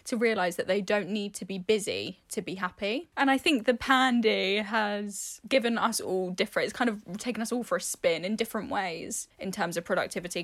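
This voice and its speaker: A young woman co-hosting a podcast in casual, frank chat, swearing freely and laughing often. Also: medium pitch. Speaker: podcast co-host.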